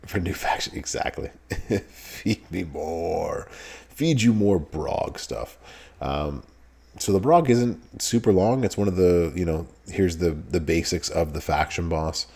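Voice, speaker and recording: A man with a deep, low-pitched voice hosts a relaxed live stream. He chats casually, greets viewers one by one, and laughs easily between remarks. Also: a little slow. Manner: laid-back, greets chat viewers by name, laughs often. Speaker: streamer host.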